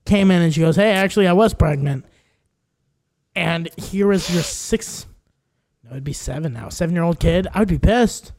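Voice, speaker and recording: A man's voice: fairly high pitch, a little mellow. A man co-hosting a podcast in casual chat, teasing his friend and laughing often. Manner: teasing, laughs often, quick bursts when worked up. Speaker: podcast co-host.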